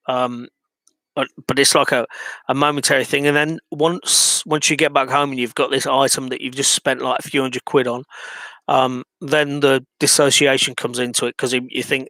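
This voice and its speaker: A man's voice: medium pitch, pushed and bright, dry recording. A man talking alone about his own life, hesitant and reflective, full of ums and restarts. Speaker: vlogger. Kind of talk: personal monologue.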